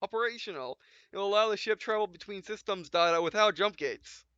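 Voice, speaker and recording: An earnest technical crew member, voiced by a man reading a sci-fi game, explaining things haltingly. The voice is smooth and fairly high. The recording is dry and slightly lo-fi. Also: pushed and bright, no echo.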